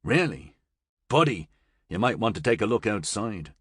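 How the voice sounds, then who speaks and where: A man doing a gruff, blunt smuggler. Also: fairly low pitch, big pitch swings, moderate pace, no room sound, studio quality. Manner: blunt, curt, drawling.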